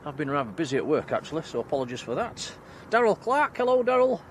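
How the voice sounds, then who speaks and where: A man's voice: a little high, big pitch swings, fast talker, a little hiss or hum. A man hosting a live stream outdoors, chatting and thanking viewers by name. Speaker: livestream host. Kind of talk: live stream chat, reading comments. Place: outdoors at night near an airport.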